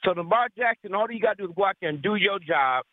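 A man's voice: high voice, lively intonation, quick pace, no room sound. An older man calling in to a sports radio show, opinionated and telling stories from the past. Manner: opinionated, storytelling. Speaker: caller. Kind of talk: call-in sports chat. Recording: tinny phone line.

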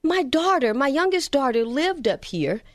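A woman voicing an older mother who agrees quickly and emphatically, proud of her daughter. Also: high voice, very animated, dry recording, clean studio sound. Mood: eager.

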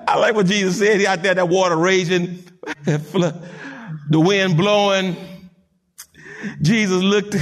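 Male preacher, sermon, dramatic, high voice, deliberate slow delivery. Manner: dramatic, animated, chuckling storytelling.

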